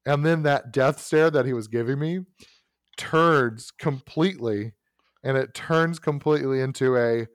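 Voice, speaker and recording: A man telling a personal story in casual chat, animated, with many fillers and restarts. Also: medium pitch, a little slow, no echo, studio quality.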